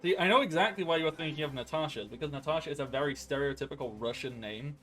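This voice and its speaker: A man narrating as game master in a casual tabletop session, with quick offhand asides. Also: on the high side, loud music behind the voice.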